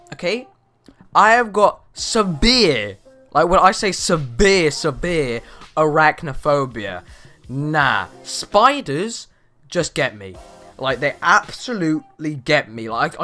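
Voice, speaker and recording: Bright-voiced teen boy rambling. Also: fairly high pitch. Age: teenager. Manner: rambling, animated and exaggerating with slang. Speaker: vlogger. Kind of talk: casual chat. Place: bedroom.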